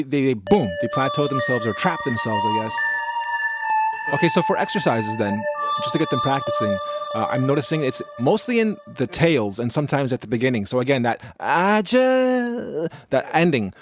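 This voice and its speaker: A man's voice: medium pitch, lively intonation, fairly quick, over music. A man co-hosting a singing lesson, asking questions and setting exercises for listeners. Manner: asks questions and gives exercises. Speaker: co-host of a vocal course. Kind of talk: instructional chat.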